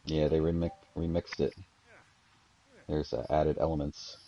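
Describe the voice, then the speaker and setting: A man's voice: very deep voice, level tone, unhurried, dark tone, dull audio. A man chatting casually on a game stream, trading teasing banter. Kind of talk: casual chat while gaming.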